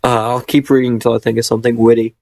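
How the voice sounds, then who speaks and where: A man's voice: mid-range voice, flat delivery, rapid-fire, gravelly, a little mellow, no echo. A man reading a fan fiction aloud and mocking it with sarcastic, profane, exasperated asides. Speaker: reader and commentator.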